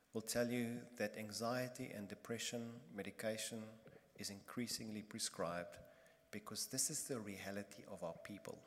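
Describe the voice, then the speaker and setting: A man preaching a sermon as pastor, emphatic and impassioned, repeating phrases and swinging between loud bursts and hushed moments. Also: on the low side. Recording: long reverb of a large hall.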